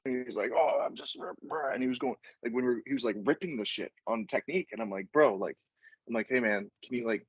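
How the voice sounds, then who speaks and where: A man's voice: mid-range voice, a little fast, slightly rough, dry recording, muffled recording. A man, a podcast guest, telling a rambling, profane story in casual chat and laughing as he goes.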